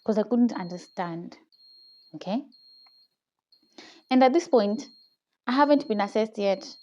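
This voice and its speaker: Young woman, Kenyan accent, mellow tone, animated storytelling vlog, dull lo-fi phone audio. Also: mid-range voice, a little slow. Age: young adult. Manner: animated retelling, tags lines with "okay?", laughs often. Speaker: vlogger. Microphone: phone camera.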